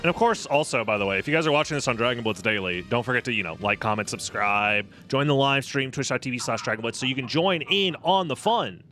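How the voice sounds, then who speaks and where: A young man live-streaming a game, talking casually and snarkily to chat with a bright, forceful edge to his voice. Faint game music sits underneath him. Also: mid-range voice, expressive, fast talker, hardly any pauses. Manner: snarky, sarcastic, swearing freely.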